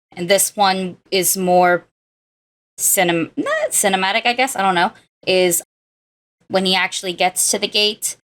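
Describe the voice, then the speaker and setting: Animated woman podcast co-host. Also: mid-range voice. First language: not a native Mandarin speaker. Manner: animated, laughs often, quotes film lines. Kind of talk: casual chat.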